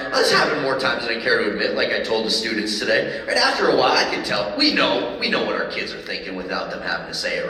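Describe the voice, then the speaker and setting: Man, motivational speaker, animated storytelling, bright forceful voice, echoey hall, distant mic. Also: mid-range voice, slight background noise. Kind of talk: storytelling talk to a live audience.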